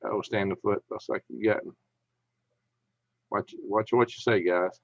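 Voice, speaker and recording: A man's voice: fairly low pitch, fairly even intonation, measured pace, vocal fry, dry recording, lo-fi sound. Folksy man telling stories. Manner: folksy, chuckling, rambling anecdotes. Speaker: live stream host. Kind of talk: casual storytelling and reading chat.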